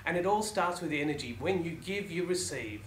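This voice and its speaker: A man giving a motivational talk to listeners, asking rhetorical questions and letting his phrases fall soft at the ends. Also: on the high side, animated, fairly quick, slight background noise. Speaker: motivational speaker. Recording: echoey room, faint background ambience.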